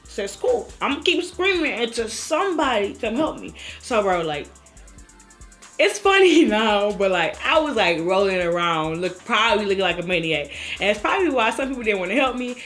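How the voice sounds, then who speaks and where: Woman, vlogger, casual storytelling, animated, mid-pitched, faint background music. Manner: animated, acts out her own cries and quotes.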